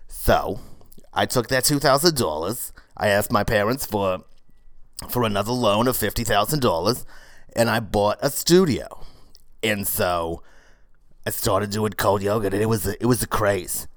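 A man playing rambling cold-yoga woman, low-voiced. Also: measured pace, dry recording, natural voice. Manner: rambling, heavy with "uh" and "you know". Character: brash fortyish woman running a failing cold-yoga studio. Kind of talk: improvised comedy monologue.

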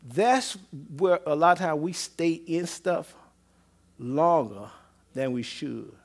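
A man preaching a sermon as pastor, swinging between loud exclamations and low murmurs, with repeated call-outs to the congregation. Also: animated, slow pace. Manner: repetitive call-and-response phrasing.

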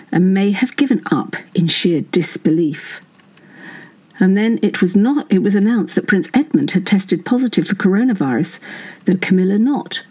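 A woman's voice: mid-range voice, a little mellow, slightly rough, rough recording. A woman narrating a satirical serial story in a wry, dry manner, voicing the dialogue herself.

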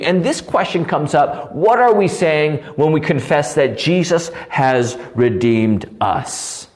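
Passionate man preaching, high voice. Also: lively intonation, takes it slowly, few pauses. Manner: passionate, rising to near yelling, then dropping to quiet asides. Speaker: pastor teaching catechism. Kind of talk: recorded live Bible study sermon. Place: alone, recorded live without audience.

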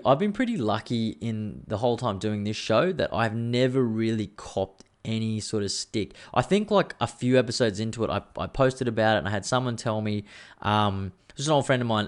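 A man's voice: lowish voice, expressive, moderate pace. A man, hosting a casual solo podcast, chatty and rambling, swearing freely. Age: 30s. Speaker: podcast host.

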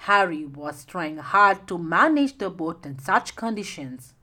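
A woman narrating a children's story slowly and expressively. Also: lowish voice, expressive, pushed and bright.

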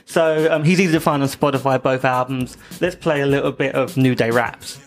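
A man's voice: mid-range voice, steady tone, brisk, soft background music. A man hosting a podcast in casual chat, presenting his picks in an easygoing way with frequent "um"s. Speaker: podcast host.

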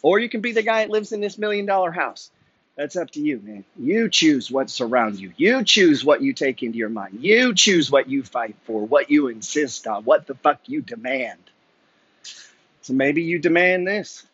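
A man's voice: fairly high pitch, animated, moderate pace, fairly bright tone, breathy edge, no echo, lo-fi sound. A man ranting bluntly and profanely while walking city streets, preaching a motivational walk-and-talk monologue. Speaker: vlogger. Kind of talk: walking-and-talking motivational rant.

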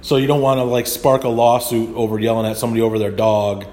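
A man's voice: mid-range voice, flat delivery, fast talker, mellow. A middle-aged man hosting a podcast, delivering a blunt, profanity-laced casual monologue that builds into rants. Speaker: podcast host.

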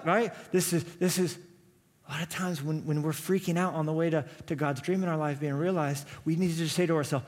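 A man's voice: high-pitched, a little fast. A man preaching a sermon as pastor, talking in a conversational way and repeating his key phrases. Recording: reverberant hall.

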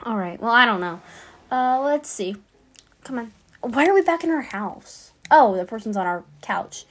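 A woman talks through a video game in a loose, chatty way. Her voice sits high and moves around a lot. She reads dialogue aloud and reacts quickly. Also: expressive. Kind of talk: gameplay commentary.

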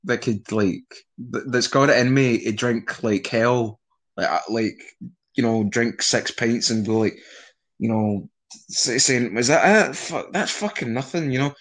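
A man's voice: medium pitch, steady tone, a little slow. A young Scottish man chatting casually in an interview, rambling with frequent restarts and swearing. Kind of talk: casual conversation.

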